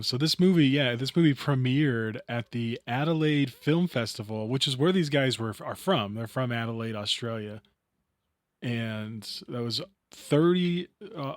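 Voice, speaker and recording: A man's voice: mid-range voice, dry recording, clean studio sound. Laid-back man co-hosting a horror podcast. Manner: laid-back, chatty, joking. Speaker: podcast co-host. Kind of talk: casual chat.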